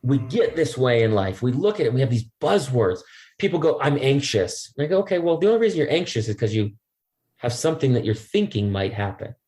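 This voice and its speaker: A middle-aged man, a podcast guest, telling stories in a lively, jokey way. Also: mid-range voice, fairly quick. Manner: lively and jokey, acts out quoted voices. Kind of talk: animated storytelling.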